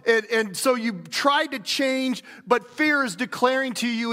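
A man's voice: very high-pitched, unhurried, hardly any pauses, pushed and bright, long reverb tail. A man preaching a sermon as a pastor, talking in a conversational way with restarts and bits of acted speech.

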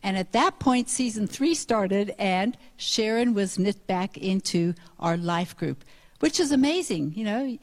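Woman, earnest testimony, steady mid pitch, unhurried pauses. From South Africa. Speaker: missionary speaker. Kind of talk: sermon testimony.

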